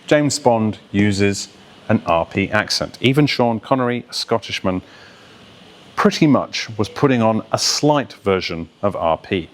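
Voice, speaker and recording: Male voice coach, lowish voice, instructive delivery with brief accent imitations. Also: lively intonation, unhurried. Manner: instructive, illustrates points by mimicking accents. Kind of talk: explaining voice and accent to camera.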